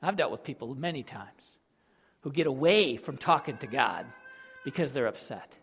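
A male pastor preaching a sermon, emotive, swinging between loud emphasis and quiet, with sighs. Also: medium pitch, expressive, normal speed, husky, in a large hall, faint music behind.

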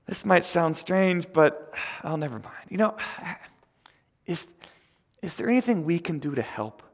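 Man doing timid shepherds, gravelly voice, long hall reverb. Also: fairly high pitch, animated, unhurried, voice pushed up. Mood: hesitant. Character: humble male shepherds offering help.

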